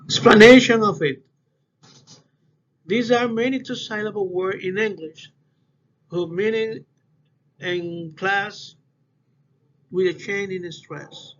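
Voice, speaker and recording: Slow, halting man presenting a class. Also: sits high, fairly bright tone. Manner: halting non-native English, repeats words slowly. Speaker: student presenter. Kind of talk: class presentation on word stress. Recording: dull lo-fi recording with faint noise.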